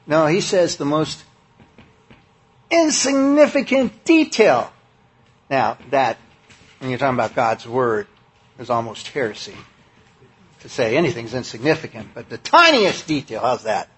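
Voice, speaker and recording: A man's voice: mid-range voice, lively intonation, moderate pace, a bit bright, husky. A man preaching a sermon, speaking in a conversational, emphatic way with many fillers and restarts.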